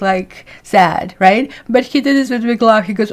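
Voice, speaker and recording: A woman's voice: fairly high pitch, normal speed, few pauses. Chatty woman tarot reader. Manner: chatty and rambling, thanks viewers by name. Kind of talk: live weekly tarot reading.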